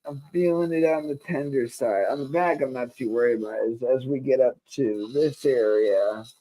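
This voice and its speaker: Mellow joking man getting tattooed. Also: medium pitch, moderate pace, rough recording. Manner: joking, brief reactions. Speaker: show host getting tattooed. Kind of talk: casual chat.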